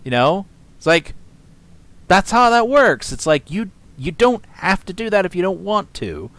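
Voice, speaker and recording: A man hosting casual reaction commentary, rambling, swearing and scoffing between long pauses. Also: sits high, sing-song, fairly bright tone, no room sound. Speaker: commentary host.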